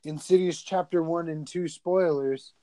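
Young male podcast co-host, unhurried and profane, casual recap delivery, dry close mic. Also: fairly high pitch, steady tone, warm tone, no echo, poor audio. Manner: profane, rambling, laughing, voices characters in the retelling. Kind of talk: casual movie recap chat.

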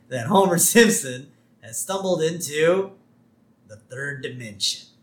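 A fussy, nerdy cartoon scientist lectures in long, pompous sentences, as a man puts him on. The voice rises above his normal talk and comes out louder. The sound is echoey, as if recorded in a bare room. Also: on the high side, lively intonation, slow pace. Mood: lecturing.

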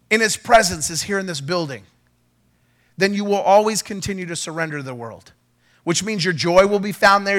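Animated high-voiced male pastor preaching. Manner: animated preaching, acts out quoted dialogue, rising to shouts. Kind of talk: sermon.

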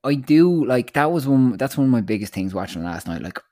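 A man's voice: mid-range voice, fairly quick, no echo, clean studio sound. A young Irish man chatting casually as a podcast co-host, telling stories with lots of swearing and laughter. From Ireland. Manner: animated, swearing, laughing storyteller. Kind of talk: casual chat.

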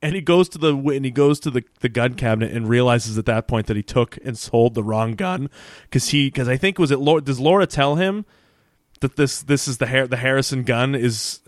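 A man's voice: medium pitch, a little fast, dry recording, clean studio sound. A man co-hosting a casual podcast, recapping a TV episode with laughs and acted-out lines. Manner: animated, laughing, acts out characters' lines. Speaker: podcast co-host.

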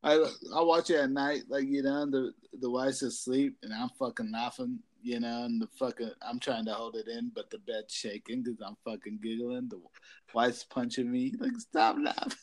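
Man, podcast co-host, mid-pitch voice; swears heavily, retells film scenes with giggles. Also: moderate pace. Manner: heavy swearing, giggly animated storytelling. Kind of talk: casual chat.

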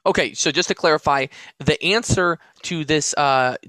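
Young dude cohost, hyped and slangy, slightly higher voice, dry mic. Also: male voice, moderate pace, pushed and bright, dry recording. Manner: upbeat, enthusiastic, casual slang. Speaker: podcast co-host. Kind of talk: casual podcast chat.

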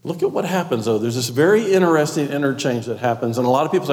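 A man's voice: medium pitch, lively intonation, rapid-fire, darkish tone. A man preaching a sermon, emphatic and repetitive, with conversational asides to the congregation. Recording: long hall reverb.

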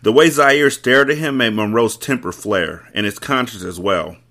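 A man's voice: lowish voice, normal speed, bright, forceful tone. A man hosting a book club podcast, reading a novel aloud and breaking in with wry, joking asides. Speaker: host, book reader. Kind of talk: audiobook-style reading with commentary.

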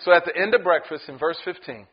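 A man preaching a sermon as pastor, animated and acting out the people in his story. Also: fairly high pitch, quick pace, breathy edge, muffled recording. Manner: animated, acts out voices in the story.

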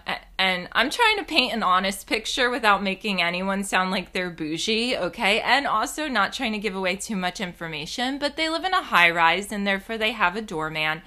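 A young woman with a bright, forceful voice tells a story in a casual monologue. She is animated and self-mocking and swears freely, and her tone stays sharp throughout. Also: medium pitch.

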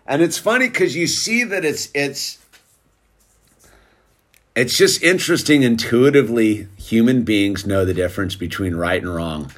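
A man's voice: mid-range voice, very animated, unhurried, fairly bright tone. A man casually telling a story about his son to camera, rambling and peppering it with "dude" and "like". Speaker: father telling a family story.

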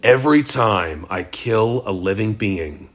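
Creepy barkeep, low and husky, unhurried and methodical, read by a male narrator. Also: animated, fairly bright tone. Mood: calm menace. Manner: matter-of-fact, methodical. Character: sinister male barkeep, calm and methodical killer.

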